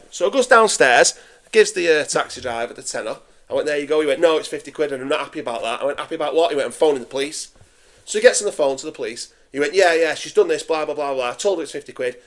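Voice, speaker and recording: A man, hosting a podcast and telling a sweary, animated story in casual chat. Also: a little high, fast. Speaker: podcast host.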